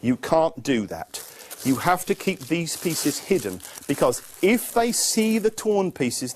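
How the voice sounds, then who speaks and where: A man performing a live children's magic show, teaching tricks and coaxing young helpers in a playful, animated way. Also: on the high side, a little hiss or hum.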